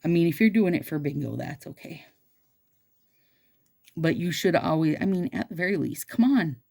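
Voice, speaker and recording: This nail stylist's vlog is casual and bubbly as she talks to her viewers, "you guys," about her nails. Her fairly low voice is animated, warm and creaky, moving at a moderate pace.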